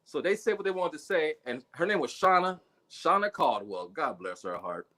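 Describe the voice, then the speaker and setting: A man's voice: on the high side, sing-song, normal speed, fairly bright tone. A man telling a funny personal story in a casual livestream chat, acting out the people he quotes with big jumps in his voice. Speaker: guest storyteller. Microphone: video call.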